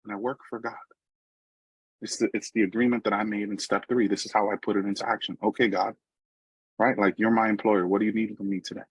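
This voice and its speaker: A middle-aged man from New York, accent and all, talks fast about his personal recovery at a meeting, weaving frequent asides to listeners into a conversational story. His voice is husky, fairly low, and level in tone. The recording is dry and low in quality.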